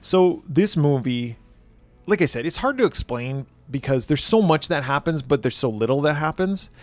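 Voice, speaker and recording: A man co-hosting a podcast, casually retelling a film's plot with profanity and quick quoted lines. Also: on the high side, animated, no room sound, faint music behind. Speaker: podcast co-host. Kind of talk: casual film review chat.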